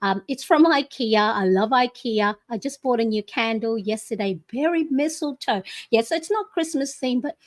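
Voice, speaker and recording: A woman's voice: fairly high pitch, moderate pace, hardly any pauses. A woman in her forties hosting a planner livestream from her home desk, chatty and bubbly, greeting viewers by name. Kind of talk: casual live-stream chat.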